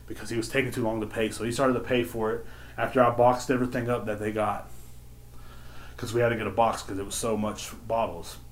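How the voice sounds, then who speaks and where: A man hosting a podcast, telling a story about a shop customer as a casual, profane and exasperated rant. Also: mid-range voice. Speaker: podcast host.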